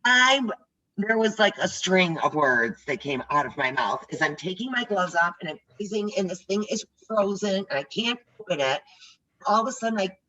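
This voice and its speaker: An older woman instructor talks to her trainees over a video call in a chatty, direct way, often telling stories from the job. Her voice is bright and forceful. The sound is slightly muffled. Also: mid-range voice, lively intonation, normal speed. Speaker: real estate instructor. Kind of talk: casual teaching on a video call.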